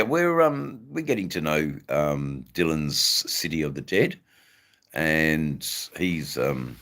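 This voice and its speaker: A man hosts a live stream and chats loosely with his viewers. His voice sits very deep, and he talks slowly, trailing off and restarting often. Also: a bit bright. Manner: rambling, halting, many ums and restarts.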